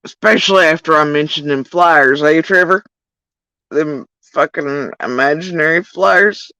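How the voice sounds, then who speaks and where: A woman livestreamer with a low-pitched voice talks a little slowly to her chat, addressing viewers directly in a heated, profanity-filled rant delivered with animated energy. The audio is poor, though there's no room sound.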